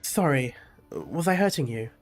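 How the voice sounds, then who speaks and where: A man's voice: medium pitch, very animated, unhurried, faint music behind. A man reading aloud the lines of a protective, worried young man from a game, in his own lightly acted voice. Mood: urgent.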